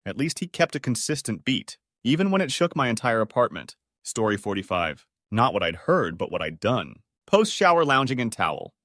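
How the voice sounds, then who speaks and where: A man narrating a string of short online stories in a steady, scripted reading voice. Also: medium pitch, no room sound, clean studio sound.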